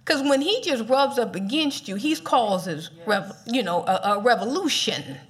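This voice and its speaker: Animated woman preaching a casual sermon. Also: a little high, unhurried. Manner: animated, playful, laughs often.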